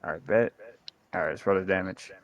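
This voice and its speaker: Laid-back deep-voiced male player. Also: a little fast, dull audio. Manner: laid-back, easygoing, laughs often. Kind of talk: casual chat during a tabletop game.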